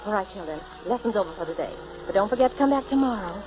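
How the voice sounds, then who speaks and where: A woman's voice: mid-range voice, animated, rapid-fire, soft background music, lightly acted. An actress playing an affectionate young newlywed woman in an old radio drama. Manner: soft, tender. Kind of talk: 1940s radio acting. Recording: muffled old radio recording.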